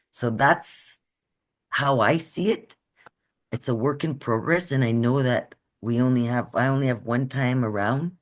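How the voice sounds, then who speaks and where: A woman from Canada giving an earnest, conversational workshop talk over a video call, often checking in with her listeners. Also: extremely low pitch. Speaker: guest speaker.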